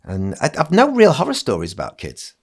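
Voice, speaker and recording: A man in his sixties, a children's entertainer, telling stories on a podcast in a lively way and acting out what other people said. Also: on the high side, brisk, breathy edge. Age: 60s. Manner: animated storyteller who acts out other people's lines. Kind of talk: casual anecdote telling on a podcast.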